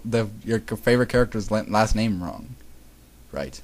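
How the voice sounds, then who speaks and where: A man's voice: on the low side, expressive, moderate pace. A man reading fan fiction aloud at home, sarcastic and profane, stumbling over the text and mocking it. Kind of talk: mocking dramatic reading with commentary.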